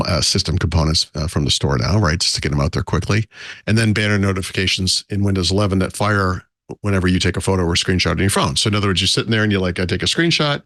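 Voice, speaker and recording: A man's voice: sits low, a bit bright, no echo, studio quality. A man co-hosting a tech podcast, rambling in a casual, self-deprecating way with frequent chuckles. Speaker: podcast co-host.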